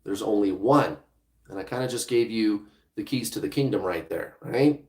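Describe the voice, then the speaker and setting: A man's voice: fairly low pitch, lively intonation, moderate pace, a little mellow, echoey room. A man hosting a livestream as a relationship coach, speaking bluntly and casually, with some swearing, straight to his viewers.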